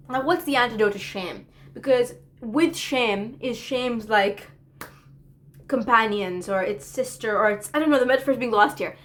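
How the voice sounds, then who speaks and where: A woman's voice: fairly high pitch, normal speed, fairly bright tone. Earnest young woman in a confessional vlog. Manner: earnest, reflective, self-deprecating. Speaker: college student vlogger.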